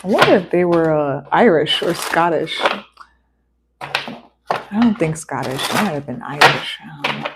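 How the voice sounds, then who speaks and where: A woman giving a casual tarot card reading, chatty and animated, breaking into exclamations and playful voices. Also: low voice, measured pace, long pauses, very noisy.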